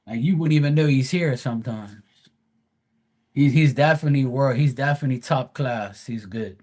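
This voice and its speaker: A male live-stream host telling a casual anecdote at an ordinary pitch. He talks bluntly and swears freely. He rambles, restarts sentences and circles back as he goes. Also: normal speed, darkish tone.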